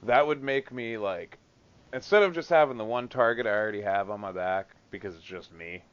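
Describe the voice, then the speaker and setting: A man's voice: lowish voice, brisk, fairly bright tone, clear, resonant tone, lo-fi sound. A man co-hosting a casual podcast, venting about work with lots of swearing and laughter. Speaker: podcast co-host. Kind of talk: casual chat.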